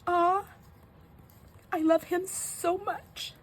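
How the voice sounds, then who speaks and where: A woman voicing a loving little toddler girl in high, sing-song baby talk. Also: fairly even intonation, drawn-out words, heavily acted. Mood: adoring.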